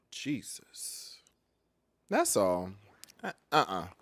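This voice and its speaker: A woman's voice: sits low, very animated, slow pace. A woman talking in an offhand, drawling way, muttering asides in a casual vlog.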